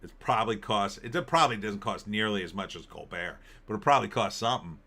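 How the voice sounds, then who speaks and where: A man's voice: on the low side, quick pace, pushed and bright. A middle-aged man hosting a casual live-stream, rambling and opinionated as he reacts to entertainment headlines and viewer comments. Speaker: political commentary host.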